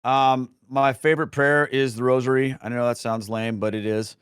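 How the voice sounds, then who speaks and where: A middle-aged man talks through his answers in an easygoing, unscripted way, circling back and restarting his sentences. His voice is smooth and resonant, and the recording is dry and close. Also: medium pitch, steady tone, moderate pace, no room sound. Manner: rambling with frequent restarts and fillers. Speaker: guest, Catholic speaker and former pastor. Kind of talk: casual Q&A answers.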